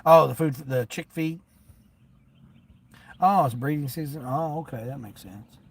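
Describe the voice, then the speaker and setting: A man streams live while doing delivery driving, chatting in a rambling, folksy way and turning down orders out loud. His voice is on the high side, a little slow, gravelly, with a breathy edge.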